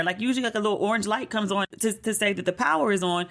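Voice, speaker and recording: In rapid-fire speech with few pauses, a middle-aged American woman hosts a casual podcast chat. Her voice is mid-range and fairly bright, and she acts out the people in her stories by raising it.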